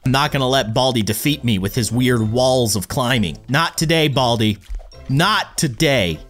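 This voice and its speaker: A man giving excitable let's-play commentary as a gaming YouTuber, pleading with the game and cheering on a teammate. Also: mid-range voice, moderate pace, faint music behind.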